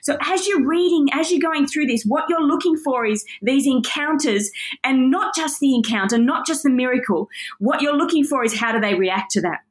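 A woman's voice: high voice, moderate pace. A woman teaching on a Bible passage, earnest and emotional, moved to tears as she reads.

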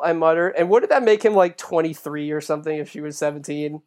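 A woman's voice: sits low, fast talker, a little mellow. A woman co-hosting a comedy podcast, reading fan fiction aloud with dry, teasing asides. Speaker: podcast co-host.

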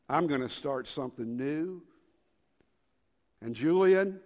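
Gravelly-voiced pastor preaching in a big hall. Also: male voice, a little high. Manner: swings from hushed whispers to shouted rallying calls. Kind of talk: sermon. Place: large church with a balcony. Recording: long reverb of a large hall.

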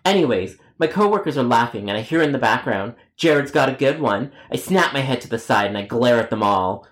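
A man's voice: mid-range voice, lively intonation, fast talker, a bit bright. A young man narrating comic storytime tales from his call center job in a sarcastic, exasperated way with crude jokes. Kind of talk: comedic animated storytime narration.

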